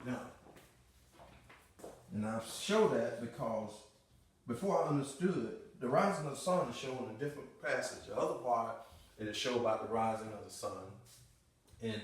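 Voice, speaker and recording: An American man teaching in an impassioned sermon style, emphatic and repetitive, swinging from quiet passages to booming declarations. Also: moderate pace. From United States. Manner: emphatic, repeats key phrases, swings between quiet and booming. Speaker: religious teacher. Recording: echoey room, voice far from the mic.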